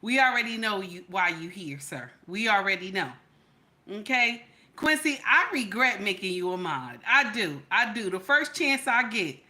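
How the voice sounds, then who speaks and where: A woman's voice: medium pitch, animated, moderate pace, pushed and bright. A middle-aged woman hosting a casual live chat, greeting viewers by name and tagging her sentences with "okay?" and "baby.". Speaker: livestream host.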